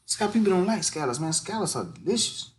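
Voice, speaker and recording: High-pitched and quick, with big swings in pitch, a mukbang vlogger rattles off casual, slang-heavy chatter while cooking and eating. Now and then he breaks into sing-song hype chants.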